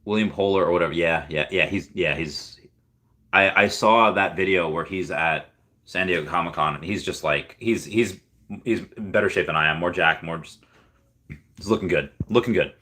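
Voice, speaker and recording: A man's voice: deep voice, normal speed, bright, forceful tone. A man hosting a casual livestream, rambling and reading viewer comments aloud. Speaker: livestream host.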